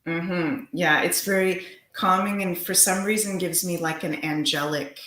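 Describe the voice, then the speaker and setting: A woman's voice: on the low side, fairly even intonation, a little slow, echoey room, crowd noise, low-quality recording. A woman co-hosting a livestream, chatting in an upbeat, gushing way as she promotes products and shows. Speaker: livestream co-host. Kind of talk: livestream chat.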